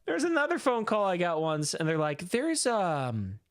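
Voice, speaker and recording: Guy on a podcast telling funny work stories, voice jumps all over, does little caller impressions, kinda high, dry close mic. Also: fairly quick, a little hiss or hum. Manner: animated storyteller, acts out callers in shifting voices. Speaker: podcast co-host. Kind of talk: casual chat.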